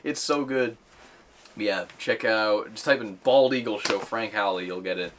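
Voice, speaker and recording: Male podcast host, low-pitched, loose rambling delivery, slight hiss under the voice. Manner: rambling, quick, many fillers and restarts. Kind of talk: casual chat.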